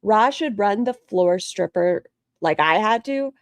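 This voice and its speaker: Woman reaction streamer, sarcastic commentary, lively pitch and a dry sound. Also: unhurried, no room sound. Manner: sarcastic, mocking asides, reads super chats.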